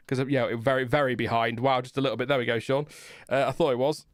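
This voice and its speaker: Guy rambling on a live stream, lots of ums, smooth voice. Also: mid-range voice, steady tone, fairly quick, dry recording. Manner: rambling, chatty, laughs often, many fillers. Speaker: livestream host. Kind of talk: casual live watchalong chat.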